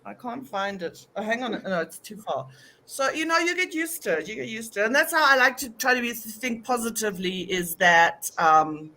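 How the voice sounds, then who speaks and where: Bright-voiced South African woman, chatty. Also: on the high side, very animated, moderate pace, slight background noise. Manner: chatty, laughing storyteller. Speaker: guest actress. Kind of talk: casual interview chat.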